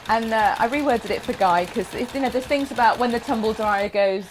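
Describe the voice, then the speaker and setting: A woman's voice: on the high side, brisk, background noise. Brief: giggly English woman, live-stream sewing host, chatty and easy. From England. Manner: chatty, giggly, reads viewer comments aloud. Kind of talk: casual live-stream chat.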